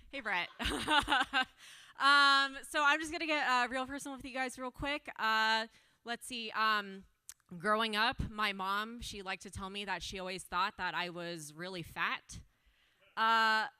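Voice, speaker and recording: A woman's voice: on the high side, bright, forceful tone, smooth, no echo. A young woman doing a stand-up set, self-deprecating and giggly, with plenty of ums and uhs. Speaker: stand-up comedian. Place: brewery event stage.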